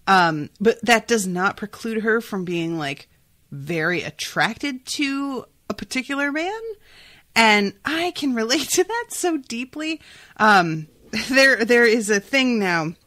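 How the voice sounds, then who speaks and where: A woman's voice: mid-range voice, a bit bright, no echo. Chatty, sniffly young woman. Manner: chatty, full of "like" and "um". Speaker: podcast host. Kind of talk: casual chat about a book.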